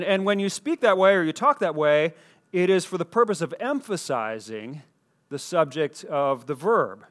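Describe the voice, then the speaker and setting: Man, pastor, sermon teaching, slightly high voice, explanatory, fillers and restarts. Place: indoor teaching space with a screen.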